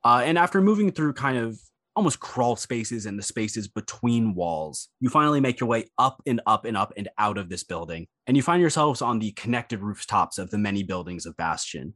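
A man running a tabletop role-playing game, describing the action in a loose, unhurried way with plenty of pauses and self-corrections. His voice sits a bit low for a man. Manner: relaxed, rambling, with frequent ums and self-corrections. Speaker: game master.

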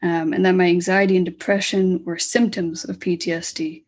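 A woman in her twenties, a guest in an interview, telling a personal story candidly with halting restarts and fillers. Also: fairly low pitch, flat delivery, breathy edge. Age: 20s.

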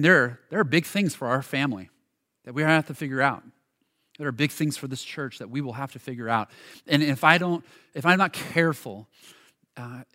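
A man preaching a sermon as a pastor, earnest and halting, often restarting his words and shifting between quiet and louder passages. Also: medium pitch.

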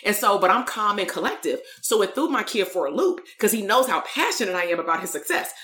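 A woman's voice: mid-range voice, sing-song, fast talker, fairly bright tone, roomy sound. Blunt, emphatic woman coach. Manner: blunt, storytelling, emphatic, swears casually. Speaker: coach and therapist. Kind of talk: live-streamed motivational talk.

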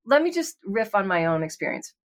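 Woman co-host, casual chat, musing and sincere, even middle pitch. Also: a little fast. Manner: rambling, heartfelt, chatty. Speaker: podcast co-host.

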